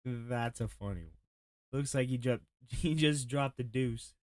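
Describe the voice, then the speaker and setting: A man's voice: mid-range voice, unhurried, a little mellow, no echo. A man, a streamer, mocking a clip with sarcastic reaction commentary and laughing asides.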